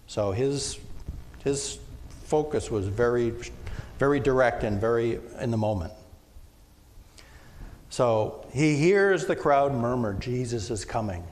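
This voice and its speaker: Lutheran pastor preaching in an echoing church. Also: male voice, mid-range voice, animated, slow pace, pauses often. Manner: conversational preaching, acts out shouted quotes. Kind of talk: sermon. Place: church sanctuary. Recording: long church reverb, faint room noise.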